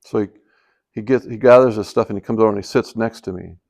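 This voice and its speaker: A man's voice: on the low side, fast talker, a little mellow. An older man in retirement telling a personal story in a casual, rambling way, with many fillers and restarts. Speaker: vlogger telling life stories.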